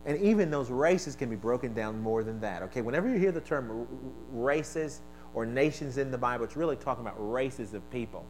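A male pastor preaching a sermon, leading call-and-response and swinging from quiet asides to shouted exclamations, originally from the American East Coast. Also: mid-range voice, lively intonation, a little fast, a little hiss or hum, low-quality recording.

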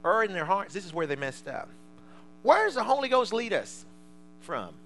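A male preacher delivering a fervent sermon to a congregation, swinging from quiet asides to loud shouts. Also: high voice, very animated, normal speed, a little hiss or hum, rough recording.

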